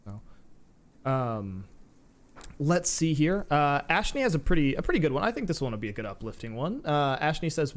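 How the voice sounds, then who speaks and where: A man's voice: a little high, very animated, moderate pace. A man hosting an interview in casual conversation, supportive and thinking aloud. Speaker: host.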